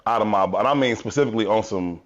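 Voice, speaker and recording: Guy on a podcast, lowish voice, telling wild stories, dull lo-fi sound. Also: fast talker. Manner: animated storyteller, profane, acts out quotes. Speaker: podcast co-host. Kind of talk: casual chat, storytelling.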